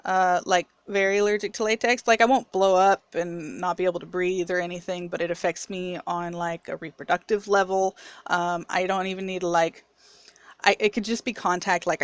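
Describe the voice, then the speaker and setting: A woman vlogger talks straight to the camera in a candid, chatty way, her accent a mix of several picked up over the years. Her voice sits at a middle pitch, and the sound is dry and close, with no room echo. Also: clear, resonant tone. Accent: mixed picked-up accent. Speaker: video reviewer. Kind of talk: casual personal vlog.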